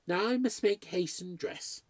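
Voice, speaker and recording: A man voicing a poised, composed young lady of the house who speaks quickly and decisively. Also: high-pitched, no room sound, voice pushed up.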